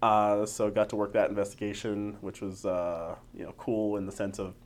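A man in his forties, a guest in an interview, telling a story and acting out both sides of the dialogue in a lively way. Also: fairly low pitch, moderate pace, slight background noise. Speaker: interview guest, former agent.

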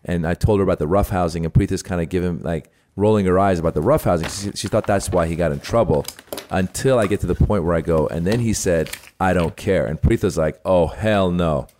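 A man's voice: sits low, quick pace, darkish tone, a little hiss or hum. A middle-aged man in casual chat, telling a family story and acting out the quotes with animation.

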